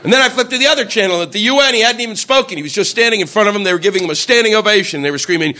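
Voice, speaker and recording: A man's voice: high-pitched, rapid-fire, few pauses, sharp tone, a little hiss or hum. A man doing a profane, ranting stand-up routine. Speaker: stand-up comedian.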